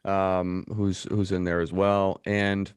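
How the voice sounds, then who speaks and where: A man's voice: deep voice, little pitch movement, slow, clear, resonant tone, no echo, studio quality. A man hosting an interview podcast, asking long questions with many restarts and fillers. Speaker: podcast host. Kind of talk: casual interview chat.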